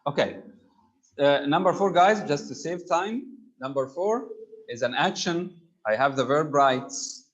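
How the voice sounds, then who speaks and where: A man's voice: fairly high pitch, a little slow, lo-fi sound. A man teaching an online English grammar class, explaining terms and checking in with students. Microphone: computer mic on a video call.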